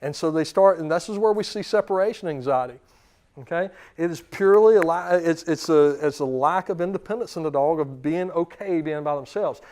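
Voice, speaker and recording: A man in his thirties, a dog trainer, giving a seminar talk and acting out commands and dogs' thoughts. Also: on the high side. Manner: forceful, acts out commands and dog thoughts in quick voices.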